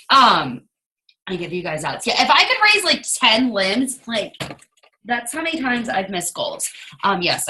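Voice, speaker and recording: A woman's voice: fairly high pitch, sharp tone. A woman coaching her team on a video call, in a chatty, rambling, casual way that drifts off topic.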